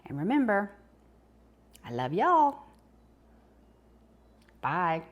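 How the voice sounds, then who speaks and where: With a fairly low, sing-song voice and drawn-out words, this older Southern US woman gives a relaxed home cooking demonstration. She keeps up folksy chatter, even while eating.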